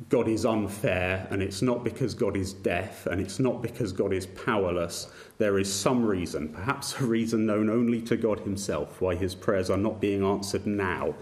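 Guy giving a sermon, kinda low voice, earnest, restarts words a lot. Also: darkish tone. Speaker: preacher. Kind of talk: sermon on a psalm.

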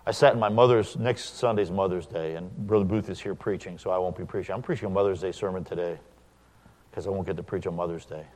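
A middle-aged man, a pastor, preaching a sermon, animated when he acts out quoted dialogue and quiet when he reflects. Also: sits low, fast, in a large hall.

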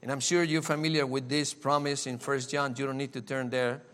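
A man preaching a sermon in a slow, earnest way, often repeating key phrases. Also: mid-range voice, little pitch movement, a bit bright, clear, resonant tone.

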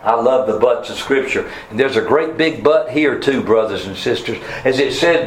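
A man's voice: medium pitch, animated, moderate pace, hardly any pauses. Fervent preacher man, echoey room. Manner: fervent, swings from soft to loud rising emphasis. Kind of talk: sermon. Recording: echoey room with faint ambience.

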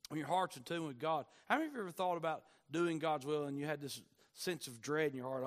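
A man delivers a sermon in a high, bright-edged voice. He swings between hushed, intimate asides and fervent climaxes, drawing out key words for emphasis. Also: lively intonation, fast. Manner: impassioned, surging from quiet to near-shouting. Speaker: pastor.

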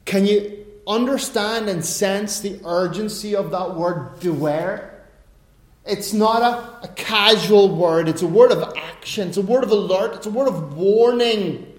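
A man preaching a sermon in a conversational way, swinging between quiet asides and loud, emphatic stresses. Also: high-pitched, a little slow. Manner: conversational, tells personal anecdotes. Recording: roomy echo.

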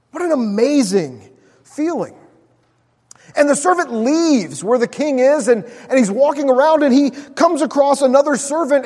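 Male pastor, high voice, chatty sermon delivery with hushed emphasis, lingering hall reverb. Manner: conversational preaching, drops to near-whisper on key words.

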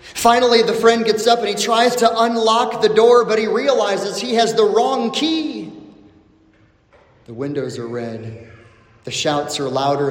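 Impassioned preacher in an echoey hall. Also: male voice, extremely high pitch. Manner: dramatic storytelling, swings between loud urgency and hushed lines. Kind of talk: sermon.

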